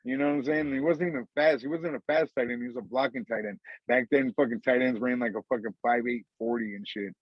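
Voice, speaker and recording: A man's voice: medium pitch, fairly even intonation, fast talker, few pauses, no room sound, highs cut off. A man co-hosting a podcast in casual, profane chat, rambling and saying "dude" all the time. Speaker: podcast co-host.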